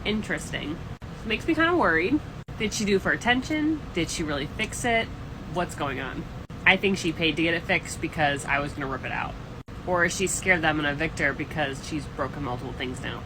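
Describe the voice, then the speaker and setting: A young adult woman telling a casual storytime vlog about her tenant, animated and exasperated. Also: sits low, fairly quick, noisy background. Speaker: landlord vlogger.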